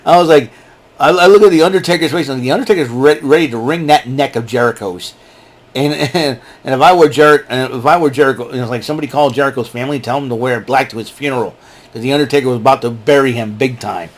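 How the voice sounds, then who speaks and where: This fast-talking man has a medium-pitched voice and recaps wrestling in a casual, rambling way. Animated throughout, he often laughs at his own jokes as a show reviewer.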